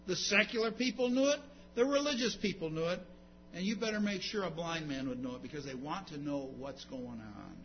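Man preaching, rising and falling in force. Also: brisk. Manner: swings from loud emphatic preaching to low intimate storytelling. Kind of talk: sermon. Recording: dull lo-fi recording with background hum.

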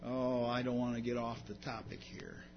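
A man preaching a sermon, moving from quiet explanation to loud, emphatic declarations. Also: medium pitch, flat delivery, normal speed, vocal fry. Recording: dull lo-fi sound with faint hum.

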